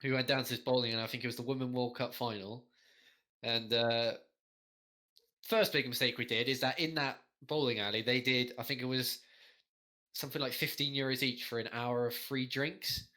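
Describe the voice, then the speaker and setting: Give me a young man rambling through a story on a casual podcast, voice pitched in the middle. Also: fairly even intonation, normal speed, bright, forceful tone. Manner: rambling storyteller, heavy swearing, frequent laughs. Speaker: podcast co-host. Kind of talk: casual chat.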